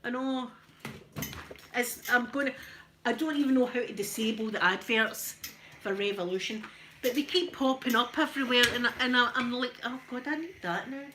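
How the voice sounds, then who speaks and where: A woman's voice: on the high side, moderate pace, background noise. A Scottish woman chatting casually on a live stream, self-mocking and laughing often as she talks to her viewers. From Scotland. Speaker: livestream host.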